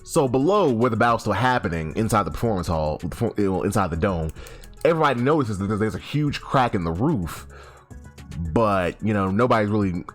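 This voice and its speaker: A man giving a casual, animated comic recap, swearing freely and often restarting his sentences. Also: fairly low pitch, fairly quick. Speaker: YouTube host. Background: faint background music.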